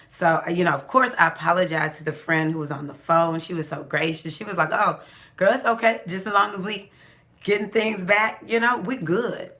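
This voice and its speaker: A woman tells a personal story to her viewers in a loose, chatty way, full of restarts and fillers. Her voice sits fairly low but sounds bright and forceful. She acts out what others said with sudden jumps in pitch. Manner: animated, laughing, acts out quotes with big pitch jumps. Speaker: astrology vlogger. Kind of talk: casual storytelling monologue.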